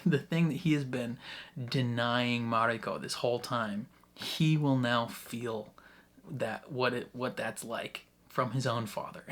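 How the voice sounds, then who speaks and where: An excitable man talks through his reactions in a loose, rambling way. He laughs often between thoughts and restarts his sentences as he goes. His voice sits at an ordinary middle pitch. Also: slow pace. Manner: rambling with many restarts and fillers. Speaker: YouTube reaction host. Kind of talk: casual reaction commentary.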